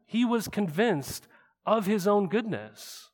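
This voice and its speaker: A man's voice: fairly high pitch, unhurried, long reverb tail. A man preaching a sermon in a conversational way, often asking his listeners rhetorical questions. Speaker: pastor.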